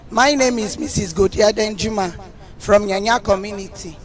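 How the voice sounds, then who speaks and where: A hoarse woman with a Nigerian accent, speaking as a community representative at a public meeting, earnest and grateful, with many restarts. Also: mid-range voice, normal speed. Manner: earnest, thanking, rambling with restarts.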